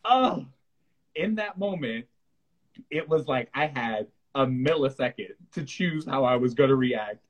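Husky-voiced man, animated storyteller. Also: medium pitch, unhurried, rough recording. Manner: animated storyteller who acts out his own reactions. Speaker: podcast co-host. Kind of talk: casual spiritual chat.

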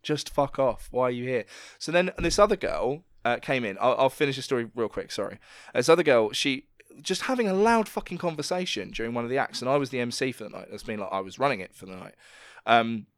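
A man's voice: mid-range voice, expressive, fast, few pauses, no room sound. A man co-hosting a podcast, telling a story in casual chat, swearing freely and acting out the quotes. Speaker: podcast co-host.

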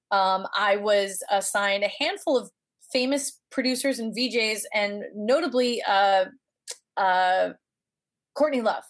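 A middle-aged woman, a voice actor, telling an anecdote in a casual interview and acting out the people in it. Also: medium pitch. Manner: animated, acts out voices in her anecdotes.

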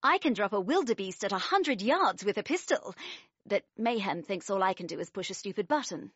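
A woman's voice: mid-range voice, very animated, fairly quick, slightly rough, dry recording. A woman playing an indignant sharpshooter. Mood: indignant boast. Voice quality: boastful, indignant. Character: boastful sharpshooter woman, proud and resentful. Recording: slightly dull lo-fi clip with faint music. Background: faint music.

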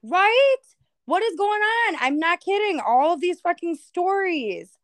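A woman's voice: very high voice, big pitch swings, a little slow, no echo. A woman co-hosting a podcast in casual chat, incredulous and laughing, swearing freely. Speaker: podcast co-host.

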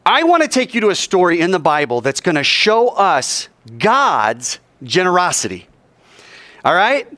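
Man, pastor, sermon storytelling, lively swooping pitch, slightly high voice, acts out characters. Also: normal speed, no room sound, clean studio sound.

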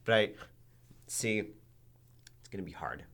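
A young man with a very low voice, co-hosting a casual podcast. He talks in a dry, deadpan way and stops often on ums. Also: takes it slowly. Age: young adult. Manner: deadpan, hesitant with many ums. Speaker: podcast co-host. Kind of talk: casual chat.

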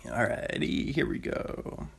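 A man hosting a casual podcast, rambling and joking at himself, who breaks into silly high-pitched bits before reading a plot recap. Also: slow pace. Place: home.

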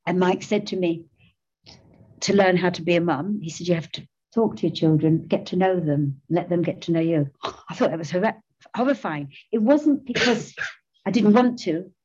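A woman's voice: fairly low pitch, moderate pace, a little mellow, husky, dull audio. A middle-aged woman giving a personal recovery testimony, candid and self-mocking, laughing often as she talks. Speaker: speaker sharing recovery story.

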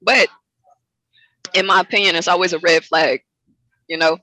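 Laughing woman guest, bright dry voice. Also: fairly low pitch, normal speed, no room sound, low-quality recording. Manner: laughs often, animated, colloquial. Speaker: guest, fitness coach. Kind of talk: casual chat.

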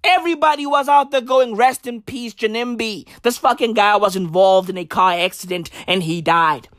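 A vlogger in a profane comedic rant, full of slang and sudden shouted questions. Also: medium pitch, fairly quick, dry recording, studio quality. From South Africa.

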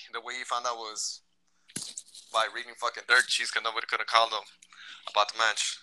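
Laid-back male co-host, casual and profane, very bright tone, dry close sound. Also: medium pitch, flat delivery, a little fast, no echo, poor audio. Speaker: podcast co-host. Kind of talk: casual chat.

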